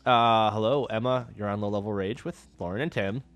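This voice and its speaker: A man's voice: on the low side, fairly quick, soft background music. A man co-hosting a radio call-in show, chatting in a wry, joking way. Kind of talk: casual call-in chat.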